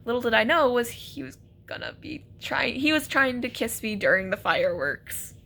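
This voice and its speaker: A young woman telling a casual, animated story about a first date, laughing and acting out quotes. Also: a little high, normal speed, vocal fry, slight background noise. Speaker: vlogger.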